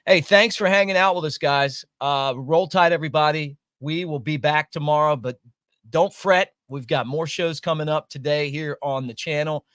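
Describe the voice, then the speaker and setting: A man hosting a sports talk show, emphatic and lively as he talks. His voice sits a little high. The sound is dry and close. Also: moderate pace, dry recording. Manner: animated, emphatic.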